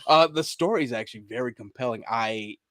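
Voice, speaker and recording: A man's voice: medium pitch, brisk, fairly bright tone, no room sound, studio quality. Man laughing through casual podcast chat. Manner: laughs often, restarts sentences, trails off. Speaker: podcast co-host. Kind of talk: casual chat about video games.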